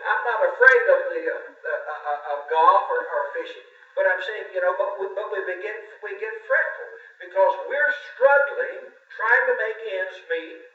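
Older preacher, echoey and phone-thin. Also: male voice, high voice, normal speed, few pauses. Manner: conversational, rambling, many fillers and restarts. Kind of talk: folksy sermon with personal anecdotes. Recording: distant mic, echoey church, phone-like radio sound.

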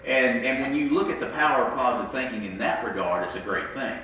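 A man's voice: mid-range voice, animated, fast talker, pushed and bright, slight background noise. A congested man delivers a conversational, interactive sermon, tossing questions to his congregation. His voice rings through a very echoey church sanctuary, picked up from some distance with faint room ambience behind. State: congested from sinuses. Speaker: preacher.

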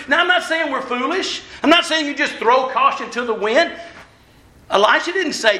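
A high, bright-voiced man preaches to his congregation with animated energy. He acts out the people he quotes as he goes. His voice rings around a large, echoey church. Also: moderate pace. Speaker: pastor. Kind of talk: sermon. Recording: roomy church echo.

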